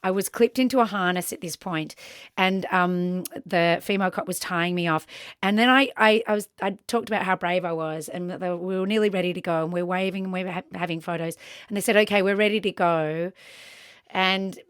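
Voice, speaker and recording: An Australian woman co-hosting a podcast, telling a story in an animated way with lots of ums and acted-out voices. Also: lowish voice, fairly quick, smooth, no room sound, clean studio sound. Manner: animated, acts out the people in her story, frequent ums. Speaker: podcast co-host. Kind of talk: casual storytelling chat.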